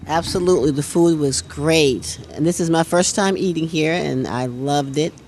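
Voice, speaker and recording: A woman's voice: sits low, normal speed, a little mellow, slight background noise. A woman from Atlanta visiting the island, speaking as a restaurant diner in a bubbly, enthusiastic way. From Atlanta, United States. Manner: bubbly and enthusiastic, laughs easily.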